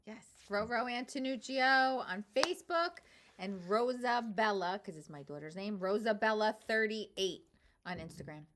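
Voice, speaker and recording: A woman's voice: mid-range voice, moderate pace, a bit bright, slight background noise. A woman in her forties with a New Jersey accent, a comedian guest chatting and laughing easily. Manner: laughs readily, agreeable. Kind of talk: casual chat.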